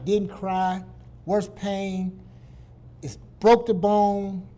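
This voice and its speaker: A middle-aged man from Detroit, a guest speaker telling a casual, animated story with plenty of repetition. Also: high-pitched, very slow. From Detroit, USA.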